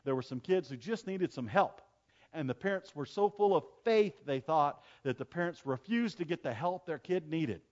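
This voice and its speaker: A man preaching a sermon, telling stories with emphatic repetition and dropping from loud preaching to quiet asides. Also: a little high, animated, moderate pace, muffled recording. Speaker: pastor.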